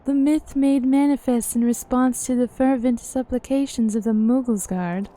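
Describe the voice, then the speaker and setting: A woman voicing a composed young woman leader, reading game dialogue in a formal, measured way. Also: fairly high pitch, steady tone, dark tone, lightly acted. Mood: earnest.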